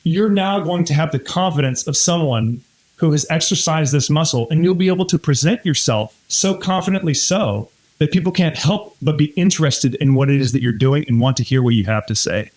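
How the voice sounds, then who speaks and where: A man in his thirties talks as a podcast guest with an upbeat, storytelling energy. He slips into quoted voices as he tells his anecdotes, and he speaks in a fairly high register. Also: a little fast, a little mellow. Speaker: guest, real estate fund CEO. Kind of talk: casual interview talk.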